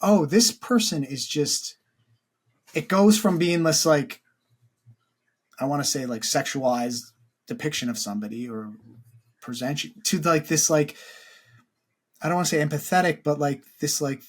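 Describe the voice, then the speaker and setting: A man's voice: on the high side, moderate pace, long pauses, breathy edge. A man co-hosting a film podcast, talking casually and earnestly, full of "like" and restarts. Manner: rambling, heavy use of "like", earnest. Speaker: podcast co-host.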